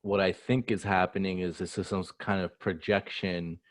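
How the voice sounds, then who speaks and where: A man co-hosting a casual chat, relaxed and full of "you know" fillers. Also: sits low, moderate pace, no echo, studio quality. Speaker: co-host.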